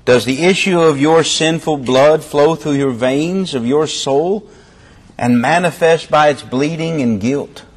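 A man preaching a sermon with fervour, his delivery swinging between loud and hushed. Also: on the high side, measured pace, breathy edge.

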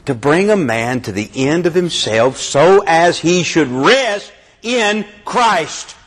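A man preaching a sermon with fervour, his delivery swinging between loud and hushed. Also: a little high, lively intonation, takes it slowly.

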